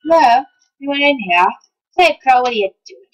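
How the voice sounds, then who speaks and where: A woman giving excitable, profane commentary while playing a game, talking back to the characters on screen. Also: high-pitched, moderate pace, highs cut off. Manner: excitable, swears a lot, talks to game characters. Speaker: let's play gamer. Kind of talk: casual gameplay commentary.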